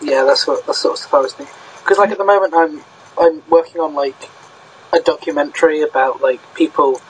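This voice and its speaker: A man's voice: fairly high pitch, steady tone, a little fast, a little hiss or hum, low-quality recording. A young man from Britain co-hosting a casual film discussion, chatty and thinking aloud with many fillers. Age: young adult. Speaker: podcast co-host.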